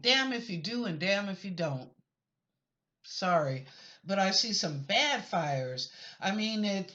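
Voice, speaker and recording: A woman's voice: lowish voice, a bit bright. Chatty psychic woman, lo-fi recording. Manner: chatty, rambling, apologetic asides. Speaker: psychic reader answering viewer questions. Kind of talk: casual spoken reading of questions. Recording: lo-fi dull recording.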